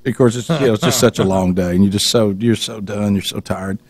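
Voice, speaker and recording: A man's voice: fairly low pitch, a little fast, a little mellow, dry recording. A man hosting a radio show, telling a long teasing story in a rambling way with many restarts, into a studio microphone. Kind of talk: casual storytelling chat.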